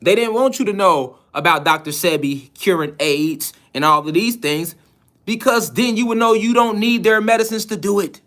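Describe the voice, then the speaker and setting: A man with a fairly high-pitched voice delivers a spiritual lecture to an online audience. He talks insistently and keeps throwing rhetorical questions at his listeners, pressing them to see his point. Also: moderate pace, a bit bright. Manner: emphatic, insistent.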